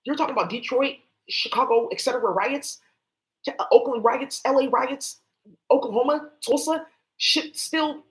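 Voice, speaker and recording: A high-voiced woman speaks at a moderate pace in a rough recording, ranting aimlessly on a livestream, agitated and profane, and talking back to voices no one else hears.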